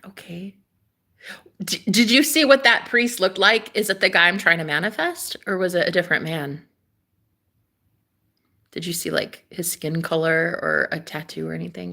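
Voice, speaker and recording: On a live stream, a woman chats casually in a lowish voice with vocal fry. She's dramatic and gushing, swinging between loud exclamations and hushed asides.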